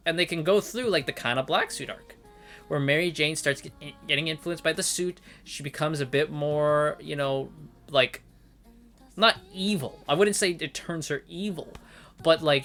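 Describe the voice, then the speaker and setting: A man's voice: on the high side, normal speed, bright, forceful tone, soft background music. A man reviewing comics in an angry, profane rant, repeating his points for emphasis. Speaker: comic book commentator. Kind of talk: ranting review.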